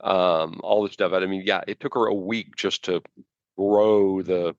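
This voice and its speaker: Podcast co-host, male, very low voice, halting chatty delivery, dry dull mic sound. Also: fairly even intonation, no echo. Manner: rambling, halting with many fillers and restarts. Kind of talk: casual chat.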